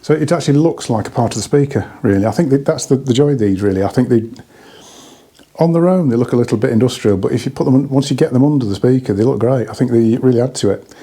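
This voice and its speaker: Mellow, husky man, a bit breathless. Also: mid-range voice, quick pace. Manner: rambling, chatty, many restarts. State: slightly out of breath. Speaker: hi-fi dealer reviewing products. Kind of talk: casual product review.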